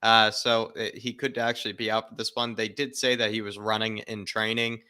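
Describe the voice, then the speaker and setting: A man's voice: on the low side, little pitch movement, fairly quick, sharp tone, clear, resonant tone. A man co-hosting a casual livestream chat, speaking hesitantly with fillers.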